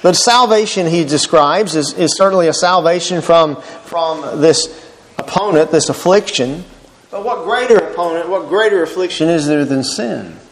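A man preaching a sermon, reading scripture aloud and expounding it slowly and deliberately. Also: on the high side, slight background noise. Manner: slow, deliberate preaching, reads verses aloud and expounds them. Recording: long hall reverb.

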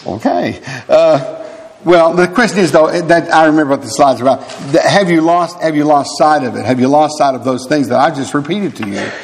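A man in his sixties preaching a sermon, emphatic and animated, breaking into quick laughs and asides. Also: a little high. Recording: long reverb of a hall.

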